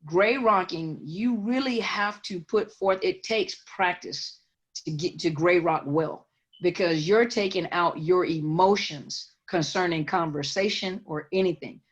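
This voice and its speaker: A woman's voice: lowish voice, unhurried. A woman counselor giving emphatic explanations in an interview, often repeating words as she builds her point. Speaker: guest counselor. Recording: dull lo-fi audio.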